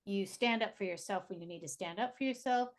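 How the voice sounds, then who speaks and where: A woman guest in a casual interview, telling stories in a lively way and acting out the dialogue. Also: mid-range voice, a little fast. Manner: animated, acts out dialogue in her stories. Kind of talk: casual conversational storytelling.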